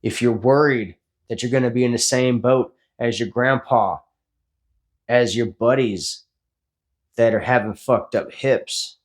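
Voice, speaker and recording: A man's voice: medium pitch, a little slow. Blunt, cussing man in his forties. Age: 40s. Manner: blunt, profane, pep-talk delivery. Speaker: fitness vlogger. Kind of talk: post-workout motivational talk.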